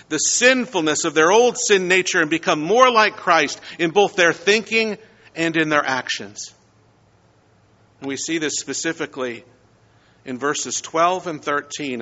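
A man preaching a sermon with a bright, forceful voice that sits a little high. He speaks in measured phrases and leans hard on key words. The sound is slightly dull and carries a long church echo. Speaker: pastor. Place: church sanctuary.

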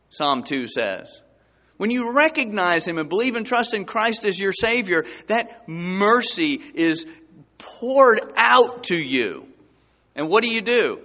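A man preaches a sermon, his fairly high, bright voice leaping up and shouting for emphasis before dropping low. He sounds like a pastor in a church hall, with a long reverb trailing his words. The recording is a little dull and muffled. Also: a little slow. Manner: animated preaching, voice surging high and loud for emphasis.

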